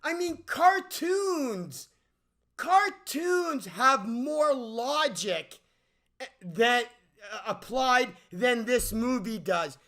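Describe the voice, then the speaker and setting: A man with a high-pitched, bright voice rants about a movie in an unscripted review. He talks slowly, stammering and restarting often, and he swears and mocks with exasperation. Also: expressive. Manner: mocking sarcastic asides. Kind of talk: unscripted rant.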